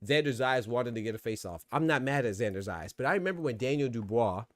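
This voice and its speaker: A man's voice: mid-range voice, expressive, fast, no room sound, studio quality. A man hosting a podcast in casual, slangy commentary, reacting to his live chat as he goes. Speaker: boxing podcast host.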